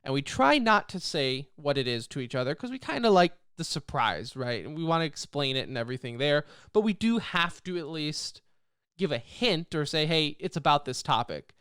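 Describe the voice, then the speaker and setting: Podcast co-host guy, kinda high clear voice, rambly and laughing, dry close mic. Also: normal speed, no room sound. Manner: animated, laughs often, rambling restarts. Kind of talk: casual esports podcast chat.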